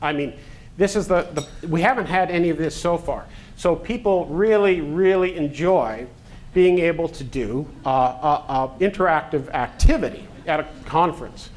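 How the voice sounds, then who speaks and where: A man, a physician, presenting a medical education talk to clinicians in a joking, halting way with fillers. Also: fairly high pitch.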